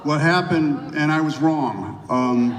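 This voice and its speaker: A man's voice: a little high, takes it slowly, background noise. Guy on stage spinning long rambly stories, bouncy impressions, big echoey hall mic far off. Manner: rambling anecdotes, animated impressions. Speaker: guest actor. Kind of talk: onstage interview. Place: large venue stage. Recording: roomy hall, distant mic.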